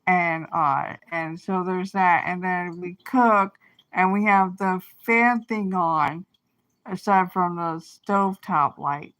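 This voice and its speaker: A woman's voice: on the low side, slow pace, a bit bright. A woman livestreaming an angry, rambling rant full of swearing, trailing off and restarting her thoughts. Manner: profane, rambling, venting with frequent restarts.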